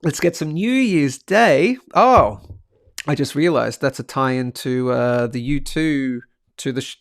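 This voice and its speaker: A man hosting a live market stream in a casual, upbeat way, reading out viewers' chat messages with quick asides. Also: fairly high pitch, gravelly, dry recording, studio quality.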